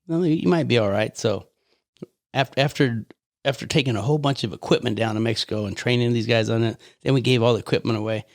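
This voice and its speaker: An older man from the United States, a podcast guest telling anecdotes in a lively way, repeating words and laughing often. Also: mid-range voice, fast talker, dry recording, clean studio sound. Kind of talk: casual storytelling chat.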